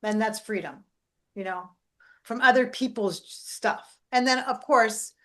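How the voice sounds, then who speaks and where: A middle-aged woman, a life coach and podcast host, talking in a casual, animated way and often checking in with "right?". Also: a little high, a little slow. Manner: animated, keeps adding "right?".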